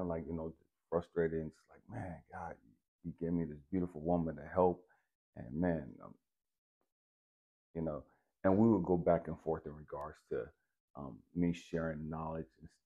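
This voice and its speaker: A man telling a personal story to the camera in an animated, profane, emphatic way. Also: low-pitched, phone-quality sound. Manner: animated, profane, keeps saying "stay with me, I'm going somewhere". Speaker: channel host.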